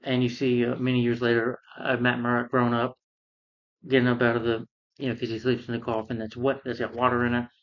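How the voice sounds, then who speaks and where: A man's voice: medium pitch, monotone, fairly quick, dull audio. A man retelling a film's plot in a casual, rambling way, full of fillers and restarts. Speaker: film reviewer.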